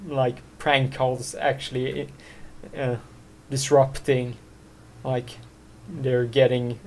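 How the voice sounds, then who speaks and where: Slow, halting man in casual chat. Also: mid-range voice, flat delivery, a little mellow, a little hiss or hum. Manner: halting, full of filler words, laughs easily. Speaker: podcast host.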